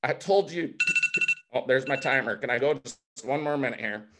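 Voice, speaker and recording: A man's voice: medium pitch, normal speed, heavy background noise. A man in his forties giving an emotional, fired-up motivational testimony on a video call, choked up at times. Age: 40s. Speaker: guest speaker.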